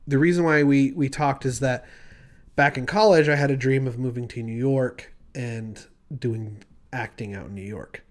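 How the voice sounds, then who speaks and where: A young man co-hosting a podcast, telling stories in a loose, animated way, laughing often and acting out voices. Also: medium pitch, moderate pace. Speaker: podcast co-host. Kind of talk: casual chat.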